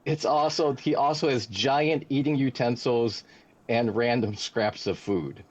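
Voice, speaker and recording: A man's voice: medium pitch, a little slow, lo-fi sound. A man narrating a tabletop game as game master, describing loot with some hesitation.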